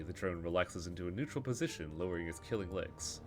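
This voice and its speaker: A man's voice: deep voice, a little fast, few pauses, soft background music. Man reading game narration aloud. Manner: reads narration aloud, crude asides. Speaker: streamer playing a story game. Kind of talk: live-streamed game reading and commentary.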